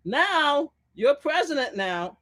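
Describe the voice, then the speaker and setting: A woman calling in as a guest on a live stream, talking loud, animated and sassy in casual political chat. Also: high-pitched, takes it slowly. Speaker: guest commentator.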